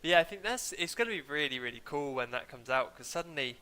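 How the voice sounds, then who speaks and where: A young man rambles through a casual game stream in a droning, self-mocking way. His voice sits a touch high and sounds bright and forward, with a sniffle from hay fever. It is picked up on a desk mic at home. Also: animated, fast, clean tone. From England. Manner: rambling, chatty, self-deprecating. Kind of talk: casual gaming stream commentary. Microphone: desk mic, muted now and then.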